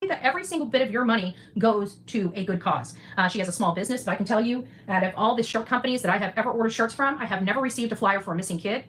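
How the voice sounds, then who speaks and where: A woman's voice: medium pitch, rapid-fire, hardly any pauses, a bit bright, low-quality recording. A woman in her forties speaking straight to her viewers, defiant and reassuring, preachy, and often tagging lines with "okay?". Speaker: citizen journalist livestreamer. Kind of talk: direct address to viewers.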